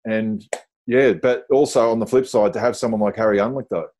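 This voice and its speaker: A man's voice: lowish voice, steady tone, fairly quick, a little mellow. A man interviewing a guest, asking brief prompting questions.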